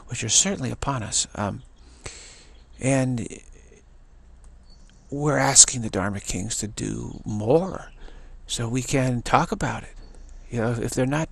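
Gravelly-voiced man in his sixties. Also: medium pitch, a bit bright. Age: 60s. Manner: halting, repeats words and restarts often. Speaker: spiritual teacher. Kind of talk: rambling spiritual talk.

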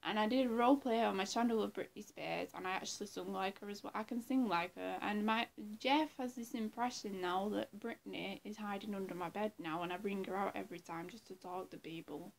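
A woman vlogger chatting casually to camera, talking fast and rambling. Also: medium pitch, creaky, a little hiss or hum. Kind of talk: casual chat.

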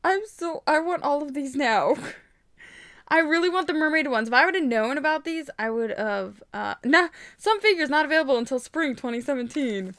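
A young woman chatting casually while unboxing toys, gushing and gasping with excitement. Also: sits high, normal speed, dry recording. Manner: gushing, excitable, frequent gasps. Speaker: toy vlogger.

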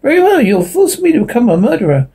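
A man's voice: extremely high pitch, huge pitch swings, dark tone, husky, exaggerated voice. An actor playing a menacing man who threatens a rival for the jewels, in 1940s radio acting style. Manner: cold, deliberate threats.

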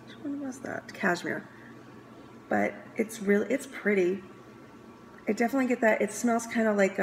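A woman casually reviewing scents, chatty and enthusiastic, pausing to sniff and muse aloud. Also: medium pitch, vocal fry, slight background noise, low-quality recording. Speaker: scent consultant reviewing products. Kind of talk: casual product review vlog.

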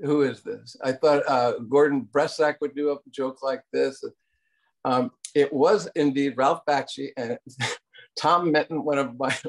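An older man telling casual anecdotes in an interview, rambling with fillers and acting out quotes along the way. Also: mid-range voice. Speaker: interview guest, cartoon producer.

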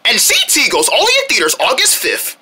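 A woman runs through homemade parody cartoon commercials, hopping from one silly voice to the next. Her pitch swoops all over and sits a little high. The tone is bright with a breathy edge. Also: wildly swooping pitch, fairly quick, a little hiss or hum. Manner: playful, jumping between put-on character voices and shouted cries.

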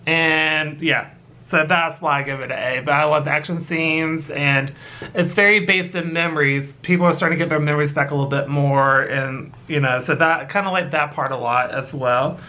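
A YouTuber casually recapping and reviewing an anime episode, halting often with fillers. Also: medium pitch, fairly even intonation, pushed and bright. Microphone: battery-powered recording device.

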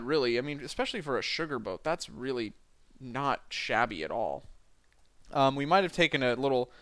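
A man's voice: mid-range voice, a bit bright, smooth, no echo. A young man casually commenting on a submarine game, joking and rambling with self-mocking asides. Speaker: let's play host.

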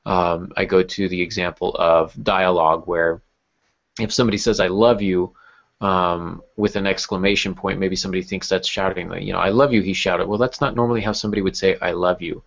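Man, podcast host, low-pitched, gravelly, casual craft talk, dull lo-fi recording. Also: steady tone, brisk, fairly bright tone. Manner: thoughtful, with many fillers and restarts. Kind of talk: casual writing craft discussion.

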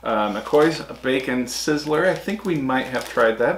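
Man, vlog co-host, relaxed label-reading, roomy echo, faint noise. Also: mid-range voice, unhurried. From United States. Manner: reads snack labels out, short easygoing replies. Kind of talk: casual snack-tasting chat.

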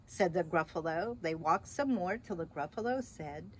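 A woman reading a picture book aloud to children with gentle, expressive narration and chatty asides. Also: lowish voice, normal speed, a little hiss or hum. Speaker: storyteller for children.

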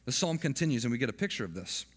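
A man's voice: medium pitch, big pitch swings, very fast, big-room sound. A man giving an earnest, conversational sermon as a pastor, often restarting his phrases.

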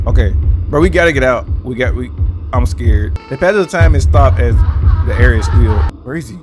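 A man's voice: medium pitch, animated, fairly quick. Guy playing a scary game, voice jumping all over, jumpy and scared, talks to chat, some music under it. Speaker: gaming YouTuber. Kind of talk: casual gameplay commentary.

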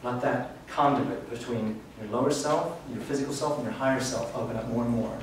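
A man speaks fairly quickly in a mid-range voice, giving an earnest, reflective spiritual talk to a live audience in an event room. The sound is echoey, with a distant mic and faint hiss.

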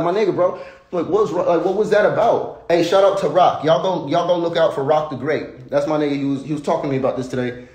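A fired-up young man rants straight at his viewers, swearing hard and preaching like a father. His voice sits high for a man. The sound bounces around a bare, echoey room. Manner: passionate, swearing, preachy, calls listeners bro. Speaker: online personality. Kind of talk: heated monologue to viewers.

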